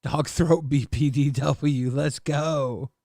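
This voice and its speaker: A man's voice: on the high side, steady tone, slow, mellow, no room sound, studio quality. A man co-hosting a livestream in casual chat, teasing his co-host and reading chat messages. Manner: teasing, reads chat aloud.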